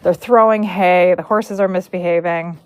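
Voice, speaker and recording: A woman's voice: fairly low pitch, fairly even intonation, normal speed, clear, resonant tone, no room sound, muffled recording. A woman from Michigan, a horse braider, chatting and telling a story casually on a livestream, retelling conversations with animation.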